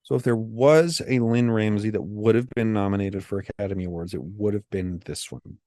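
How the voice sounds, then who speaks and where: A man's voice: lowish voice, moderate pace, dark tone, no room sound. Dry-voiced man with sarcastic humor. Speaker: podcast co-host. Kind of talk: casual film podcast chat.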